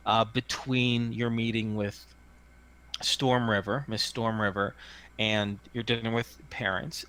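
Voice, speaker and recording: A man running a tabletop game as game master. His voice is bright and lively, with a lot of up and down. He talks in a chatty way and often restarts his sentences. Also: medium pitch. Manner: chatty, many fillers and restarts.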